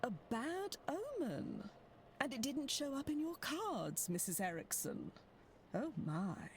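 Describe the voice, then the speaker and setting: A woman's voice: high-pitched, very animated, slow, slight background noise, heavily acted. An actress playing a theatrical, superstitious woman in a game, dramatic in her delivery. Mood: alarmed.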